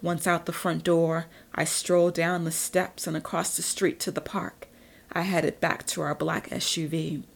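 Woman narrator, low-ish voice, steady audiobook delivery. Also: vocal fry. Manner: measured, even storytelling. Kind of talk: audiobook reading.

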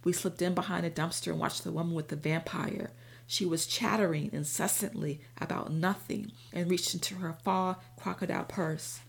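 Reading a first-person audiobook, a woman keeps her delivery steady and even at an unhurried storytelling pace. Her low voice carries a noticeable creaky, gravelly texture.

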